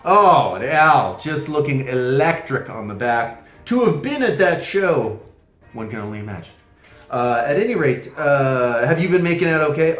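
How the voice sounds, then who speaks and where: A man's voice: medium pitch, a bit bright, roomy sound. A man casually reviewing records from his collection, enthusiastic and rambling, full of fillers and exclamations. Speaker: vinyl collector vlogger.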